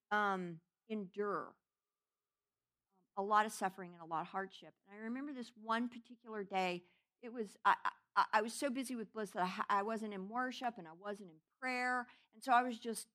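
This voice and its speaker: A woman's voice: medium pitch, fairly bright tone. A middle-aged woman preaching a sermon, giving an emotional testimony that swells into fervent preaching.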